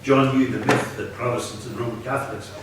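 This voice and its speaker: A Northern Irish man in his sixties from Belfast, an author reading his fiction aloud in a measured, low-key way. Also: steady tone, very noisy. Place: lecture hall at a reading event. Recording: echoey hall, from far off.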